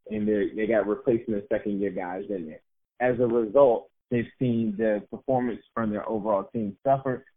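A man co-hosting a podcast, talking casually about football and laughing at himself. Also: fairly low pitch. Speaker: podcast co-host. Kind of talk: casual sports talk. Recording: narrow phone-like sound.

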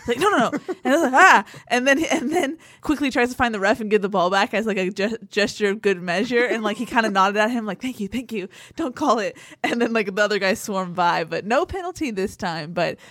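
A woman co-hosting a sports podcast, telling sideline stories in an animated way and acting out what players said. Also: medium pitch, fairly quick, hardly any pauses, dry recording, studio quality. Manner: animated storytelling, acts out quotes. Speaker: sports reporter and podcast co-host. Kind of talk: casual sports chat.

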